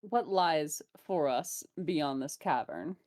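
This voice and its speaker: A woman voicing a sly, fussy goblin spellcaster in a tabletop game, with theatrical, drawn-out lines. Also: sits low, lively intonation, darkish tone, no echo, studio quality, pitched below the performer's own voice. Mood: grand.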